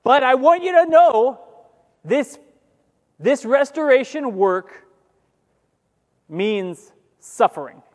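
A man preaches to his congregation in a loose, conversational way, slipping in jokes and acting out the lines he quotes. His voice sits very high for a man. The sound carries the long reverb of a church hall. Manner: conversational, joking asides, animated quoting. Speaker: pastor. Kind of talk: sermon.

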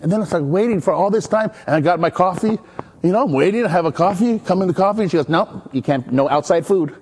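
A male pastor from Maui preaching an animated sermon, telling stories and calling out to the congregation. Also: sits high, quick pace, husky. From Maui, Hawaii. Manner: energetic, chatty, storytelling with call-and-response.

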